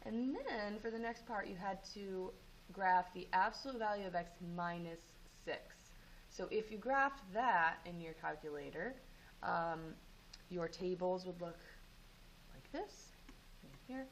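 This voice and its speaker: A woman teaching math, going over homework and walking students through steps in a relaxed way with frequent ums. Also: on the low side, measured pace, slight background noise, rough recording. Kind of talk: homework review and lesson.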